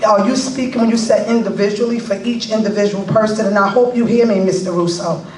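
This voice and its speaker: A woman's voice: medium pitch, steady tone, fairly quick, a little mellow, distant mic, a little hiss or hum. A woman community member assertively pressing a board with pointed questions at a public meeting. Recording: echoey room, picked up from afar.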